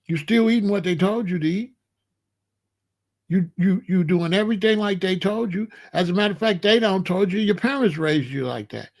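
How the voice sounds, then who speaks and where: A man in his sixties holds forth in a loose, casual monologue as host of his own show. His voice sits high, and he hammers his points home, repeating himself and stretching out words for emphasis. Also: gravelly. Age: 60s. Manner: emphatic, repetitive, drawn-out phrasing.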